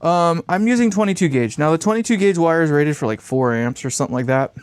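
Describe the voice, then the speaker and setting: A man's voice: on the high side, expressive, quick pace, clear, resonant tone, no room sound. A man with congested sinuses chatting in a rambling, laid-back way while building an amp on a live stream, swearing casually and chuckling often.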